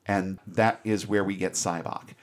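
A man giving a casual, animated movie recap as a podcast host, with free swearing. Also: sits low, unhurried. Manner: animated storyteller, swears freely.

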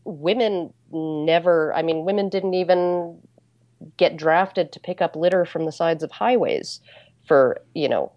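Low-voiced woman explaining deliberately. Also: no room sound, muffled recording. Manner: deliberate, explanatory, with many fillers. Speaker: interview guest. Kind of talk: casual interview.

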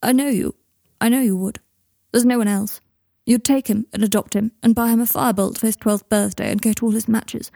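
A woman's voice: fairly high pitch, steady tone, brisk, gravelly, dark tone, no echo, studio quality. A woman voicing a proud, bitter adult wizard father with a clipped, strained way of speaking, in a storybook reading.

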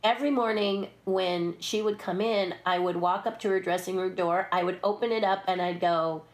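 Lively storytelling woman, slightly low voice. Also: normal speed. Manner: lively, acts out voices in her stories, laughs often. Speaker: puppeteer and stunt performer, interview guest. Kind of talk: casual anecdotal storytelling.

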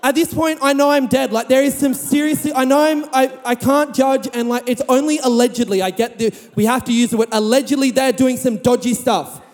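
A man preaching a sermon, telling a funny personal story with lively sound effects. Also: very high-pitched, fairly quick, hardly any pauses, long reverb tail, faint music behind.

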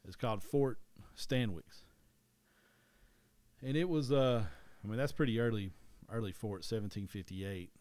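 Low-voiced man with an East Tennessee twang. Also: unhurried, darkish tone, dry recording. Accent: East Tennessee Southern. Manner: rambling, with frequent restarts and self-corrections. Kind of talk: casual history chat.

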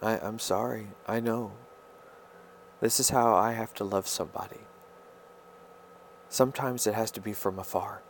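A man talking straight to his viewers in a rambling personal monologue, halting and stammering as he searches for his words. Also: on the low side, steady tone, slight background noise.

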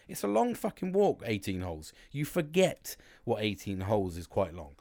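A man's voice: fairly low pitch, wildly swooping pitch, normal speed, gravelly, few pauses, warm tone, no echo, clean studio sound. A British man hosting a podcast, rambling casually about his weekend with lots of swearing, restarts and fillers. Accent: British English. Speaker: podcast host.

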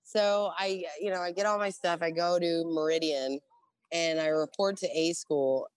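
A middle-aged woman guest casually telling a profane story about her Navy years, acting out the dialogue with animated energy. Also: lowish voice, normal speed, smooth, dry recording. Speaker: guest, former Navy religious program specialist.

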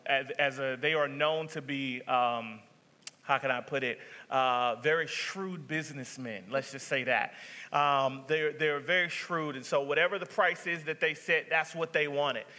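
A man's voice: a little high, unhurried, sharp tone. A male pastor telling a story in a sermon, talking conversationally with many restarts. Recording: reverberant sanctuary sound.

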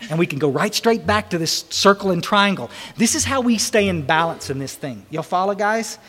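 A man's voice: high voice, animated, fairly quick, fairly bright tone. A man giving a storytelling talk to a men's group at a recovery retreat, folksy and blunt with many restarts and mild swearing. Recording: long hall reverb.

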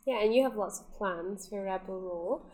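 A woman's voice: mid-range voice, normal speed, a little mellow. A woman interviewing a guest, asking short friendly questions. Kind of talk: casual interview.

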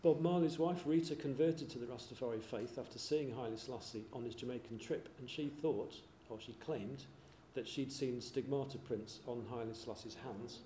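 A man's voice: medium pitch, normal speed, few pauses, dark tone. A man hosting a panel show, reading out facts and putting questions to the panel. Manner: reads facts, quizzes the panel. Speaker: host. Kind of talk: panel show trivia segment. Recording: echoey room with faint hiss.

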